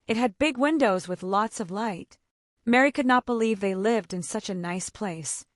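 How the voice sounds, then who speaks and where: Woman narrator, heartfelt scripted storytelling, fairly high voice, dry close sound. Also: normal speed, no echo.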